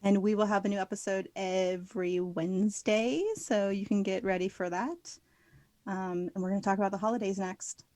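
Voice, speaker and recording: A woman from Florida co-hosts a podcast, talking in a chatty, upbeat way. Her pitch sits in a middle range. She is recorded on a close, dry mic. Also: level tone, normal speed, darkish tone, no echo. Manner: chatty, upbeat, laughs often. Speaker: podcast co-host. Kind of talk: casual chat.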